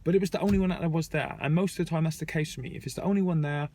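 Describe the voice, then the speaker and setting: This young adult vlogger talks very fast in a fairly high, slightly mellow voice, with a bit of background noise. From an airport terminal, he unloads a frank, chatty rant as he recounts a story for his audience.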